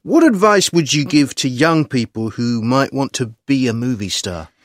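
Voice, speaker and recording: An interviewer asking an actress questions in a lively, clear way. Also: medium pitch, moderate pace, no echo, clean studio sound.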